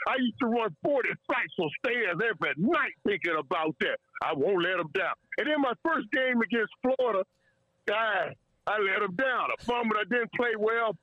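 A man's voice: high voice, no echo, lo-fi sound. Emotional man telling a story. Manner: emotional, repeats words, laughs often. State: tearing up. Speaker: guest storyteller. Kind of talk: casual chat.

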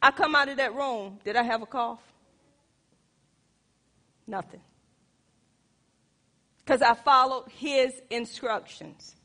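A woman preacher with a high, bright voice, telling her testimony in an emphatic, animated way. She speaks straight to her congregation. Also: slow, pauses often. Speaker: pastor. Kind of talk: sermon testimony.

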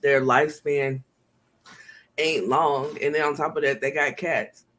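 Co-host, movie review chat, laid-back, slangy, mid-pitched voice. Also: fairly even intonation, a little slow, fairly bright tone. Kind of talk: casual chat.

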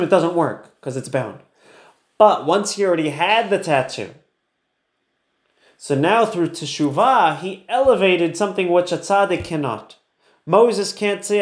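A man tells stories and explains ideas in an easy, chatty way, laughing now and then. His voice sits a bit high for a man. The room around him rings with echo. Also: animated, moderate pace, pauses often. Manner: storytelling, chatty, laughs easily. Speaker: Torah teacher. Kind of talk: casual online Torah lesson.

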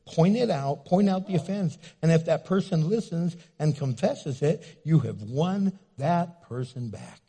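A man preaching a sermon as pastor, animated and jokey, acting out the quotes he tells. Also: a little high, slightly rough. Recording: echoey hall reverb.

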